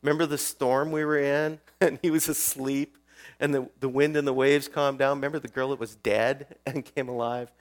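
A man's voice: medium pitch, little pitch movement, moderate pace. A male pastor preaching a sermon in a conversational way, often putting questions to his listeners.

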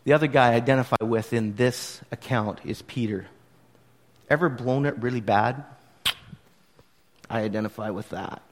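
A man preaching a sermon to his congregation in an expressive, conversational storytelling manner. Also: medium pitch, normal speed, pauses often. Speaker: pastor. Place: church service.

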